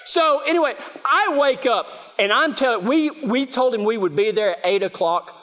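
Male West Texas preacher with a strikingly high voice, telling stories with a self-mocking humor, booming in a big reverberant hall. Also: moderate pace, fairly bright tone. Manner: chatty, self-mocking, lots of "you know". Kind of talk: storytelling sermon.

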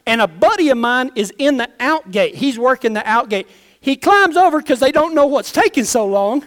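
A high-pitched man preaching in a loose, folksy storytelling way. He is a pastor who rambles through a personal tale and acts out the voices of the people in it. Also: lively intonation, normal speed, a bit bright. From Texas. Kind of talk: storytelling sermon with closing prayer.

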